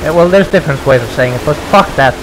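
A young man, giving excitable let's play commentary, exclaiming, swearing and rambling. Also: a little high, quick pace, background noise. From Sweden. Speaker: gaming YouTuber. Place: home gaming setup, no face cam. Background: racing game music and engine sounds.

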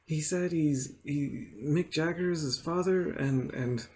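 A man's voice: fairly high pitch, expressive, normal speed, darkish tone, slight background noise, voice pushed up. A man voicing a flustered female bank teller in a joke, sounding exasperated and disbelieving.

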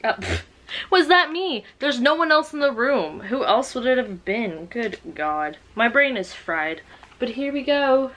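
A young woman from the United States chatting casually in a book vlog, excitable and self-mocking. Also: on the high side, measured pace. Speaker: book vlogger.

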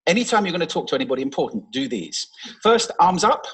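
A man giving a public talk on stage, expressive and playful. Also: fairly high pitch, fast, slightly rough, low-quality recording. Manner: expressive, playful, demonstrates voice techniques. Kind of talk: public talk with vocal demonstrations. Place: large stage before an audience. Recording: played from a talk recording.

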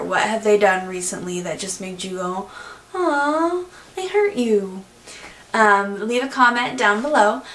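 A woman telling a personal story to her vlog viewers in a casual, chatty way with many pauses. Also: medium pitch, fairly bright tone, reverberant. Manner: chatty, frequent "um" pauses, laughs through the story. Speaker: vlogger.

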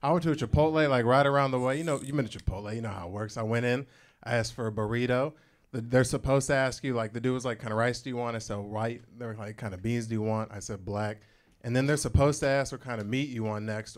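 A man's voice: mid-range voice, fairly even intonation, fairly quick. A young man from Arizona doing a crude, conversational stand-up set on a comedy club stage, with the audience laughing. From Phoenix, Arizona. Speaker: stand-up comic.

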